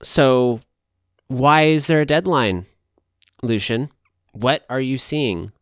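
An earnest young half-alien character, voiced by a woman, searching for words and often stopping short. The voice is smooth and close. The room sounds dry. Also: a bass voice, dry recording, exaggerated voice. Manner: halting, searching.

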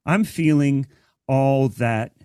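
A man from Central Ohio tells gig stories in a lively way and slips into other people's voices. His voice sits in the middle range and sounds close and dry, with no room around it. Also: mid-range voice, takes it slowly, clear, resonant tone, dry recording. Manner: animated storytelling, acting out other people's voices. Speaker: working drummer in roundtable. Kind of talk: casual roundtable chat.

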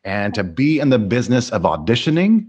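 A man hosting a casual interview, enthusiastic and firing off quick questions. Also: medium pitch, sing-song, a little mellow, husky, muffled recording. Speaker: podcast host.

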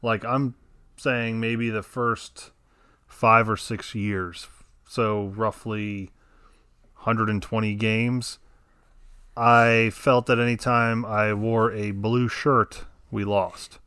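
A man's voice: on the low side, flat delivery, slow pace, bright, forceful tone, clear, resonant tone, no room sound. A man co-hosting a casual podcast chat, dropping short dry interjections. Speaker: podcast co-host.

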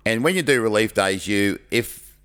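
An Australian man in middle age spins a classroom anecdote for a podcast. His pitch swings freely up and down as he slips into the voices of the people he describes. It is loose, chatty and full of energy. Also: moderate pace, smooth. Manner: animated storyteller who acts out the people in his anecdotes. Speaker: podcast co-host, teacher. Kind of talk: casual storytelling chat.

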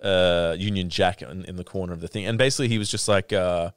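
A man's voice: sits low, steady tone, quick pace, hardly any pauses, smooth, no echo, studio quality. An Australian man hosting a podcast, telling a rambling, sweary travel anecdote in casual chat. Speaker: podcast host.

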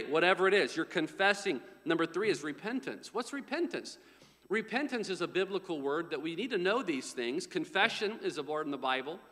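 A man preaching with a high, bright voice that rings out across a large reverberant hall. He drives his points home by repeating key phrases and softens into hushed tones when voicing prayers. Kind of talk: sermon.

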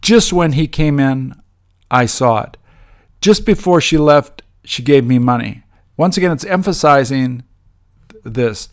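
A man teaching English grammar, walking through example sentences in a measured way with frequent ums. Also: mid-range voice, lively intonation.

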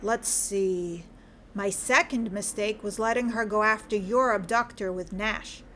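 A woman voicing a gruff, grumbling Scottish man adrift in a story, with a Scottish accent and self-mocking mutter. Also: mid-range voice, a little slow, a bit bright, slight background noise, natural voice. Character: gruff Scottish male sea detective, grumbling. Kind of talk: audiobook character reading.

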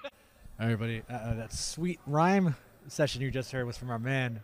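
Lively, laughing podcast co-host man. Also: medium pitch. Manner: playful, quick to laugh, chatty. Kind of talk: casual chat at a fan convention.

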